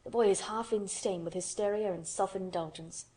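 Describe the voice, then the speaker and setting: A woman's voice: medium pitch, moderate pace, dark tone, lightly acted. Woman reader doing a tetchy doctor, short and curt. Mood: irritable. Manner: curt, irritable. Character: irritable, weary country doctor, man.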